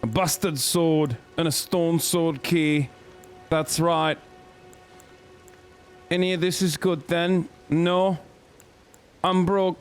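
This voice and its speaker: A laid-back man streams a video game and chats with his viewers, swearing freely. He speaks slowly in a fairly high voice. Soft game music sits in the background. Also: clear, resonant tone. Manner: laid-back, profane, talks to chat. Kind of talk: casual gaming commentary.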